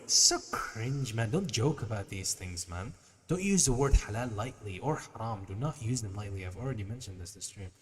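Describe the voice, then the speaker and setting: A man's voice: on the low side, animated, normal speed, big-room sound. A male livestream host chatting casually with his viewers in a laid-back, slangy way, reading their messages aloud.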